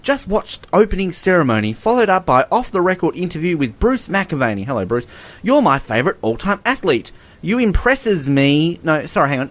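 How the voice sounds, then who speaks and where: A man, hosting a casual podcast, jokingly reading fan messages aloud and laughing often. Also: on the high side. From Australia. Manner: playful, laughs often through his own lines. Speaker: podcast host.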